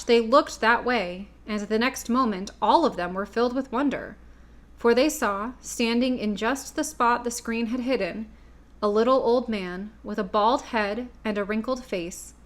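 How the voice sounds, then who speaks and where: A woman's voice: fairly high pitch, a little slow, fairly bright tone. Woman reading a classic storybook aloud. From US Midwest. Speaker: audiobook reader. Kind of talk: storybook narration.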